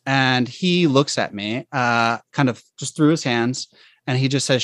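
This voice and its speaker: A man telling a personal faith story in conversation, speaking haltingly and reflectively with many restarts. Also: mid-range voice, a bit bright, no room sound.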